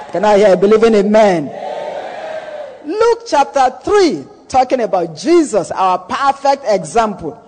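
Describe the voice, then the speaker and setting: A man preaching in a high, lively voice that swings up and down as he declaims. He speaks slowly and deliberately, repeating phrases with dramatic pauses and calling on the congregation to respond. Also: long reverb tail. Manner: slow, drawn-out delivery with dramatic pauses. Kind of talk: sermon with call and response.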